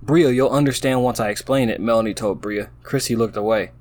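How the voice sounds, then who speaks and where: A man's voice: medium pitch, a little mellow. A man reading an AI-written story aloud, breaking off into amused, laughing asides about what the text says. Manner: slow, halting reading broken by laughing asides. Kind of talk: casual reading aloud with commentary.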